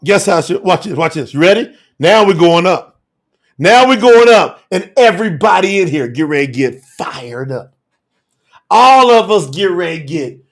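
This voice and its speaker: A man teaching scripture on a livestream, animated and colloquial, who keeps laughing and calling viewers by name. His voice sits high for a man. It swings widely as he speaks. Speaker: bible teacher.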